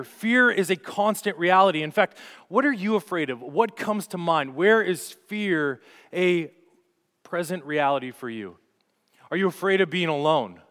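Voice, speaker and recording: A man's voice: high-pitched, a bit bright. A young man preaching a sermon as pastor, telling stories earnestly with rising and falling emphasis. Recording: long hall reverb.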